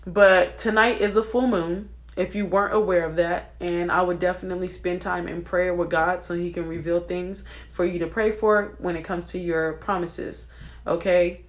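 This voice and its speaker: A woman's voice: lowish voice, fairly even intonation, moderate pace, highs cut off. A young adult woman talking casually and earnestly to her viewers, giving a spiritual reading with many fillers and asides. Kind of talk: casual devotional talk to viewers.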